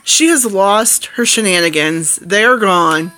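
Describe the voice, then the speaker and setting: Bright-voiced rambling woman vlogger. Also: mid-range voice, unhurried. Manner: rambling, excitable, jokey. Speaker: family vlogger. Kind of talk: casual chat.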